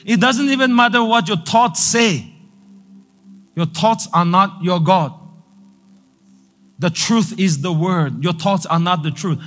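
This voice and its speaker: High, bright-voiced preacher man. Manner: emphatic repetition, rising to loud declarations. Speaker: pastor. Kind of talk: sermon.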